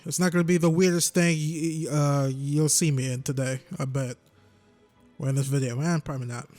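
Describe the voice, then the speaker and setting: A man's voice: fairly high pitch, a little mellow. Rambling young man commentating a game. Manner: rambling, joking, talks to himself. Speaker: gaming YouTuber.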